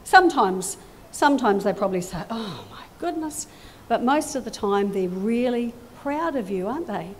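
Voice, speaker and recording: A middle-aged woman giving a children's talk in a church service, animated and full of questions to the children. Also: mid-range voice, moderate pace, slight background noise.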